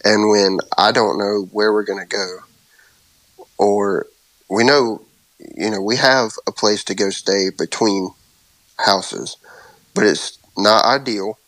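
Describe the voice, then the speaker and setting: A man in his thirties in a casual faith chat, speaking haltingly and openly about his worries, anxious. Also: lowish voice, steady tone, a bit bright, no echo, low-quality recording. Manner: halting, open about worry. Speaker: co-host.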